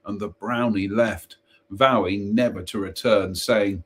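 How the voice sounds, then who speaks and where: A man's voice: on the low side, slow, husky. A man hosting a live stream, reading ghost stories aloud with chatty, self-mocking asides and the odd stumble over a name. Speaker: host.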